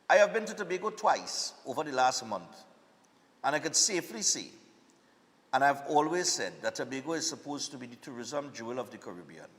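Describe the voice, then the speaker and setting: A man's voice: medium pitch, fairly bright tone, long reverb tail. A man hosting a morning TV show, giving emphatic, opinionated commentary to viewers. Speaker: morning TV host. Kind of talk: studio commentary.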